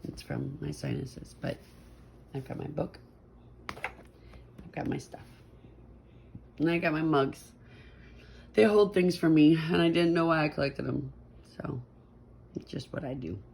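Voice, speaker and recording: A woman's voice: sits low, normal speed, creaky, long pauses, darkish tone, a little hiss or hum. A middle-aged woman vlogging from her messy bedroom at home in a chatty, meandering, self-deprecating ramble. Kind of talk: rambling casual chat.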